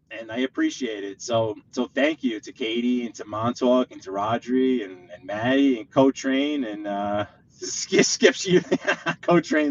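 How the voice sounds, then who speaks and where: A man's voice: mid-range voice, highs cut off, slight background noise. A man hosting a casual livestream from inside his car, getting over the flu, switching between mock-indignant outbursts and rambling thanks to his viewers. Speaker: livestream host. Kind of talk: casual live-stream chat while driving.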